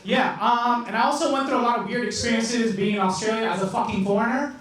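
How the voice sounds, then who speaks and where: In a comedy club, a young South Korean comic with American-influenced English performs a self-deprecating, swearing stand-up set. His very high-pitched voice is fast and a bit bright, captured from far away in the echoey room with the crowd audible.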